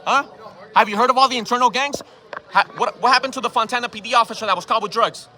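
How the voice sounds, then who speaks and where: A very high male voice, fast and pushed with a bright quality. The man fires repeated questions and swears while confronting people in a heated outdoor argument. He records it on his own phone camera, which he holds as the mic.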